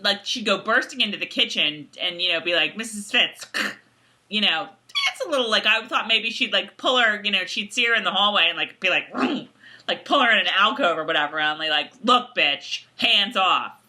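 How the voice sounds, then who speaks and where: A woman's voice: mid-range voice, fairly quick, pushed and bright. A woman co-hosting a casual chat, giggly and rambling with lots of fillers. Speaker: co-host.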